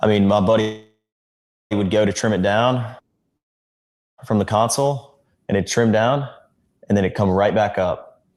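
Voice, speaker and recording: A man flatly recounting a boating incident in a matter-of-fact way. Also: on the low side, a little slow, pauses often. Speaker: interviewee recounting a boat trip.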